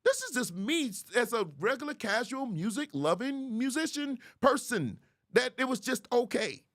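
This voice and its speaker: A man's voice: very high-pitched, very animated, moderate pace, fairly bright tone, no echo, clean studio sound. A man hosting a show, speaking casually and preaching straight to his viewers. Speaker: host. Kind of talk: casual commentary monologue.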